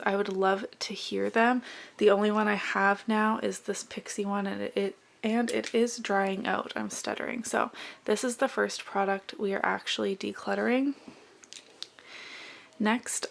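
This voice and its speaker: Woman, young adult, beauty vlogger, casual chatty, vocal fry, flat intonation. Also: mid-range voice. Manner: chatty, rambling product commentary. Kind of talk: casual makeup declutter chat.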